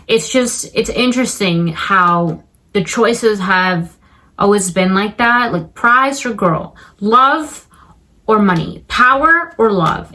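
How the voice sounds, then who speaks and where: A woman's voice: medium pitch, bright, forceful tone, low-quality recording. A young woman talking casually about a film, chatty and full of fillers, now and then acting out the characters' lines. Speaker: film commentator. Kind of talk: casual film review vlog.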